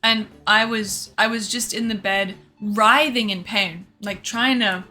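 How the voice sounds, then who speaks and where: A woman streamer casually telling her chat a story, animated and laughing often, acting out what others said and swearing freely. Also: medium pitch, unhurried. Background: faint background music.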